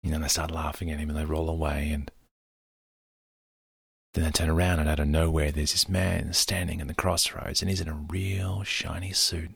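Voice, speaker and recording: Low, raspy man; loose, meandering storyteller, gravelly edge. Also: level tone, moderate pace, a bit bright, no echo, clean studio sound. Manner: rambling, loose storytelling with many fillers. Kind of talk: casual retelling of a film scene.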